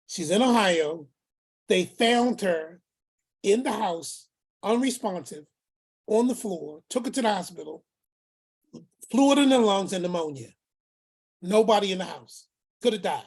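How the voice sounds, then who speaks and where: Telling a family tale where he plays the uncle, this man voices every character's lines and repeats key phrases to drive them home. He speaks high, with a breathy edge.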